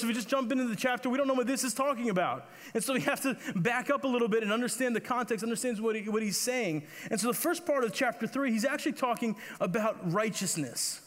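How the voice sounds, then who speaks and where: A male pastor preaching a sermon in a conversational way, often repeating words and acting out the quotes he reads. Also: extremely high pitch. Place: church hall. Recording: long reverb of a church hall.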